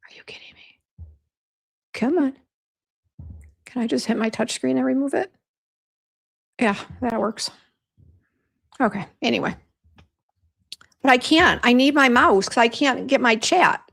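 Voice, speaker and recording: A woman's voice: on the high side, measured pace, vocal fry, long pauses, a bit bright. A middle-aged woman hosting a casual livestream from her home office, chatty and easily flustered as she talks straight to her viewers. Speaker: skincare formulator hosting a live show.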